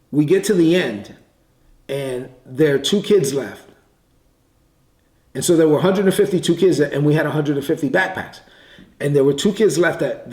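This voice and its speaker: Echoey preacher man telling a story. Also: on the high side. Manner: conversational, repeats words, quick bursts. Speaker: pastor. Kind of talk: sermon storytelling. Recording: echoey room.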